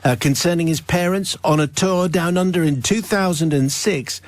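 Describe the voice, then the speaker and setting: A man's voice: on the high side, moderate pace. A middle-aged English man presenting a radio show, joking with co-hosts and reading listener letters aloud. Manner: jokey, reads listener letters. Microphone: studio microphone.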